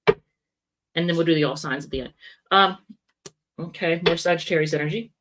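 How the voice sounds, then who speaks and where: A woman's voice: on the low side, moderate pace, background noise. A woman giving a casual, rambling tarot reading, often stopping to correct herself. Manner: rambling, self-correcting, chatty asides. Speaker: tarot reader.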